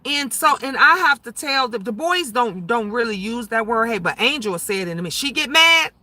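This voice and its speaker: A woman in her fifties talking loudly and emphatically on a casual livestream, chatting and answering viewer comments. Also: on the high side, expressive, normal speed, no room sound. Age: 50s. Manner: loud, emphatic talker who gets louder when emotional.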